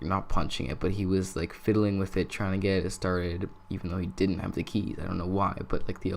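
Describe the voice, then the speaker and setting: A man's voice: sits low, gravelly. A young man telling a personal story in a casual, rambling vlog style, swearing freely and filling nearly every phrase with "like.". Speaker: vlogger.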